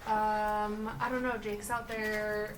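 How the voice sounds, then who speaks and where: A woman's voice: medium pitch, level tone, takes it slowly, far from the mic. A woman co-hosting a podcast, telling stories in casual chat and laughing as she goes. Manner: storytelling, laughs through her telling. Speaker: podcast co-host. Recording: roomy, from off-mic, with room noise.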